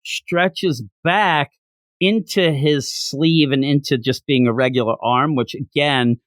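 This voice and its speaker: A podcast co-host with a voice on the high side and a fairly bright tone takes it slowly while casually reviewing a manga chapter. He rambles, criticizes, and acts out lines as he goes, with no room sound in the recording.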